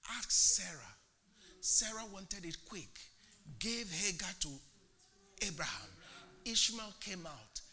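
High-pitched pastor guy preaching, very bright sharp voice, goes loud then hushed. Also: slow pace, long pauses. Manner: animated preaching, swinging between loud and hushed; rhetorical questions to the congregation. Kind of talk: sermon. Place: church.

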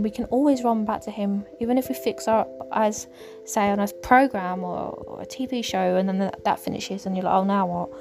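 A woman hosting a casual faith podcast, talking in a rambling, hesitant way with many pauses and fillers. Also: a little high. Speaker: podcast host. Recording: music clearly underneath.

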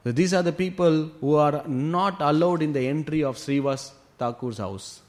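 Male scripture teacher, fairly high voice, lively storyteller with loose fillers. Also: moderate pace. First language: Tamil. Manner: animated retelling with frequent "you know" fillers. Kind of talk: devotional storytelling class.

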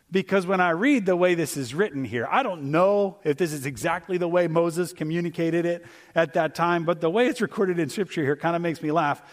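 Conversational male guest preacher. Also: fairly high pitch. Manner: conversational and storytelling, acts out voices for humor. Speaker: guest speaker. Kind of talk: sermon.

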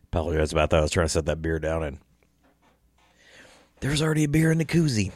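A man's voice: low-pitched, very animated, fast, darkish tone, no room sound. A young man hosting a solo podcast, tired and tipsy, rambling casually and swearing a lot. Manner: rambling, profane, laid-back. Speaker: podcast host.

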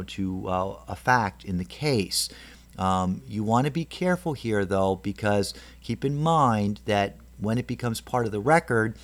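Measured, low-voiced man giving a lecture. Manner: measured, frequent ums, self-correcting restarts. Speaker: lecturer on trial advocacy. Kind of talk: recorded lecture presentation.

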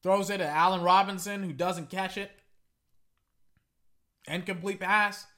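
A young man narrates a football game in a loose, chatty play-by-play. His voice sits high and sounds bright and forward. He wanders into side comments and restarts his sentences often. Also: steady tone, a little slow. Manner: rambling, chatty, with frequent restarts and asides.

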